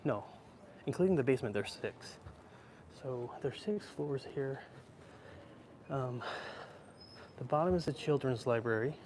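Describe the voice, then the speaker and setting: Man in his thirties, casual streamer walking with a phone, loose rambling chat, mid-pitched, faint background hiss. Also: animated, a little slow, pauses often, a little mellow. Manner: chatty, rambling, answers chat as he goes. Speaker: live-streamer. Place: indoor library, then outdoor rooftop. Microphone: handheld phone.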